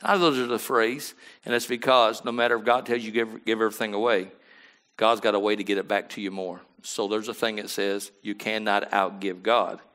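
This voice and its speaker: A male pastor delivers a sermon, dropping into quiet asides before rising to loud, emphatic lines and often asking the congregation to agree. His tone is steady and his pace a little fast as he swings between low murmurs and loud bursts.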